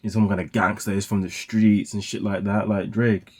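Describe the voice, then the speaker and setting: A man's voice: fairly low pitch, level tone, moderate pace, breathy edge. A young man giving casual, rambling commentary on songs he is reacting to, full of "like" fillers. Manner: rambling, heavy use of "like" fillers. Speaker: music reaction host.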